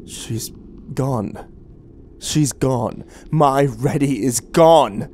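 A man voicing a grief-stricken husband in a horror story, speaking softly and haltingly through sobs. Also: medium pitch, a little hiss or hum, close to an everyday voice. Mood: sobbing. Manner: soft, choked, halting. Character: grief-broken man, sobbing and fearful.

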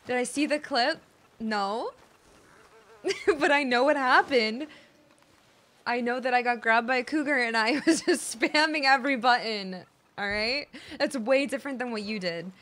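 A woman streaming a game, talking casually to herself and her viewers, often muttering under her breath and bursting into loud, excited squeals. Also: fairly high pitch, normal speed. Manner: chats back to viewers, teasing and argumentative. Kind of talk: casual live gameplay commentary.

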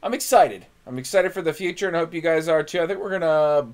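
A man's voice: on the high side, fast talker. A young man co-hosting a movie reaction, chatting casually and enthusiastically with laid-back slang. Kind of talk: casual chat.

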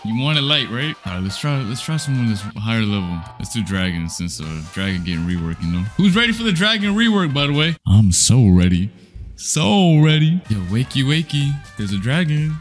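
A man's voice: mid-range voice, a bit bright. A young man giving casual, playful gameplay commentary, teasing other players with slang and frequent laughter. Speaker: gaming video creator. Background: faint background music.

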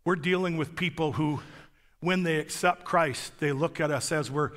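A man's voice: on the high side, normal speed, a bit bright, in a large hall. A man preaching as a guest pastor, telling a story in an emphatic, conversational way on a church stage. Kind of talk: sermon.

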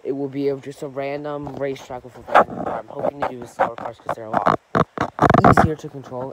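A young male vlogger talks in loose, rambling sentences, stopping to correct himself and filling gaps with small verbal habits. His pitch sits in an ordinary middle range for a man. A clear hiss of background noise runs under the recording. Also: level tone, a little fast. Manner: rambling, self-correcting, many fillers. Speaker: gaming channel host. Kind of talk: casual rambling vlog chat.

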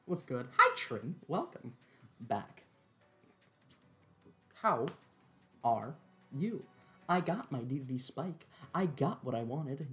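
A tired man giving laid-back, joking live-stream commentary while he plays a game, swearing and chuckling often. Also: medium pitch.

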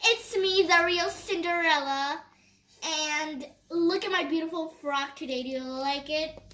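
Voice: sits high, a little slow, sharp tone, roomy sound. Cinderella, a child doing a chirpy doll princess. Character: cheerful doll princess, showing off her dress.

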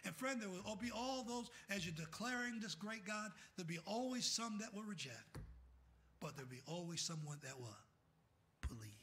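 A middle-aged man preaching a fiery sermon as pastor. He calls out questions for the congregation to finish and swings from shouting to soft, quiet asides. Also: high-pitched, lively intonation, moderate pace. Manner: calls out "what?" for the congregation to fill in scripture.

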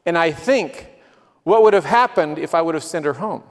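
A man with a fairly high voice gives a missionary testimony in a church sanctuary, telling stories earnestly and rising with feeling. The long reverb of the hall trails after his words. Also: expressive, moderate pace. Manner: earnest storytelling, quoting people, swells with emotion. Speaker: guest missionary.

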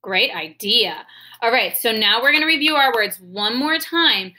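A woman teacher leading a sight-word lesson for young children, talking clearly and spelling words out letter by letter. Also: fairly high pitch, expressive, sharp tone. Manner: slow, clear, enunciating and spelling words aloud for kids.

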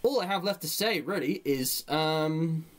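A man giving rambling opinion commentary on a live stream. He thinks aloud, and his delivery slows right down whenever he dictates a reply. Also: a little high, lively intonation.

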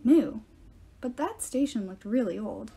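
A woman's voice: fairly high pitch, lively intonation, measured pace, mellow, husky, exaggerated voice. A woman doing an earnest young satyr. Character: anxious, gentle young satyr boy.

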